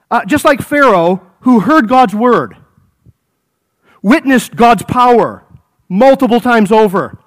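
A man's voice: very high voice, expressive, slow pace, pauses often. A man preaching an expository sermon, repeating phrases, exclaiming and calling his listeners folks.

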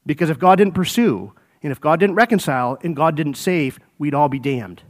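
Male preacher, high voice, fervent repeating delivery, addresses folks. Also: lively intonation, normal speed. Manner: exclaims and repeats phrases, addresses listeners as folks. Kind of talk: expository sermon.

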